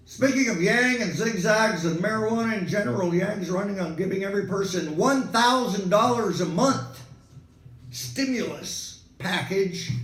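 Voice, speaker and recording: A man's voice: high-pitched, a bit bright. A man hosting a rambling comic monologue as a weatherman, full of sarcastic, digressive rants. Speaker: comedic weatherman host. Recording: echoey room.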